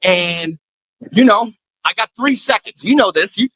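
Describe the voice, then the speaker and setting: A man's voice: lively intonation, a little slow, fairly bright tone, slightly rough, no echo, low-quality recording. A male comedian telling a story in an interview, theatrical, acting out the voices of other people. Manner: theatrical, acts out voices with big pitch jumps. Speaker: comedian and impersonator guest.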